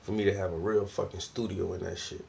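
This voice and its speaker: A man's voice: sits low, level tone, quick pace, gravelly, warm tone, a little hiss or hum. A man ranting casually about his neighbors, slangy, profane and full of laughs. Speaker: vlogger, artist. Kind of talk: casual rant.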